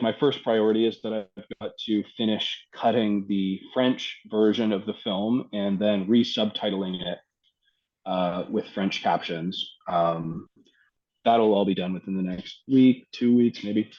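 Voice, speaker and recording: A man from Canada, a poet and filmmaker, talking thoughtfully in an interview with frequent ums and pauses. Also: lowish voice, darkish tone, dull audio. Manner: reflective, hesitant with many ums. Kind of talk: casual interview talk.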